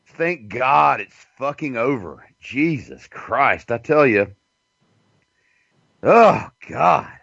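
A man's voice: mid-range voice, animated, extremely slow, gravelly, a bit bright, breathy edge, no echo. A man hosting a talk radio show, rambling and crude, with a joking manner. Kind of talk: casual talk radio monologue. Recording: dull dry lo-fi sound.

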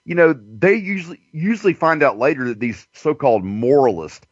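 A man's voice: fairly high pitch, brisk, slightly rough, no room sound. A man telling a long story in casual chat, rambling and profane. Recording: dull dry lo-fi recording.

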